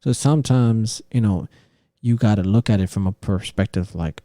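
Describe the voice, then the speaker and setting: A man hosting a casual podcast, ranting in an animated way and swearing constantly. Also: lowish voice, moderate pace, no echo. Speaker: podcast host. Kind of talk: casual opinion talk.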